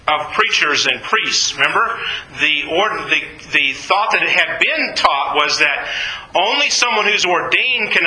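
A man's voice: high-pitched, bright, forceful tone, echoey room, low-quality recording. A man teaching an informal Bible study to a class, asking questions and then answering them himself.

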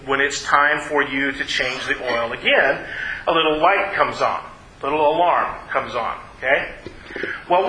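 A man teaching a Bible class, speaking haltingly with many repeated words and asking the group questions. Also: fairly high pitch, pushed and bright, roomy sound, poor audio.

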